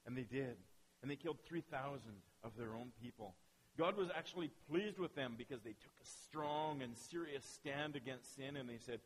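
Animated preacher man, faint hiss. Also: medium pitch, moderate pace, poor audio. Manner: animated, rhetorical questions, frequent "right?". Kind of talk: sermon.

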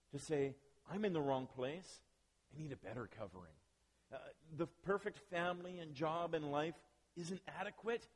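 A man preaching a sermon as pastor, talking conversationally with self-deprecating asides to the congregation. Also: a little high. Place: church building. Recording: long reverb of a church hall.

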